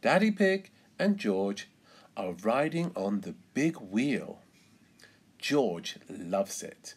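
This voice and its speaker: A man, an English teacher, reading a children's storybook aloud in an expressive, careful way. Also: on the low side, slightly rough.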